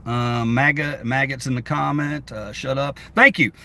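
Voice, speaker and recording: Middle-aged man, mid-pitched, dry close sound, streaming from his car on a phone, combative sarcastic foul-mouthed. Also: fairly even intonation, normal speed, bright, forceful tone, dry recording. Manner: combative and sarcastic, swearing often. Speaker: livestreamer reading chat comments. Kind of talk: profane live-stream rant. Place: in a car while driving.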